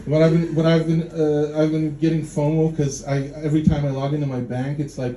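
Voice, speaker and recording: Man, stand-up comedy, slightly high voice, rambling restarts, echoey club room, faint noise. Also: level tone, a little fast, hardly any pauses, dark tone. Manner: rambling, self-mocking, stammering restarts. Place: comedy club stage before a live audience.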